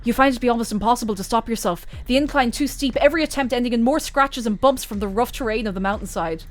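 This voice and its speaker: Expressive young woman streamer reading a story game. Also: fairly high pitch, fast talker. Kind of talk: reading game narration aloud.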